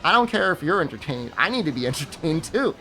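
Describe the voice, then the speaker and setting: He talks fast with a sharp tone, a slightly high voice, and big pitch swings, faint music behind him. The young man is live-streaming a game, chatting casually with viewers in a rambling, sarcastic way and laughing at his own jokes.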